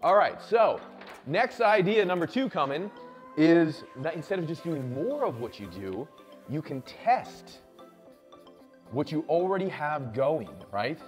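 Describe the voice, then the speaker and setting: A high-voiced man riffs through an energetic motivational business talk, pushing hard and swearing freely. He keeps checking in with "right?" and "okay?" as if pumping up a crowd. Faint music runs underneath. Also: measured pace. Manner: loud, swearing, hyped, lots of "right?" and "okay?". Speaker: show host.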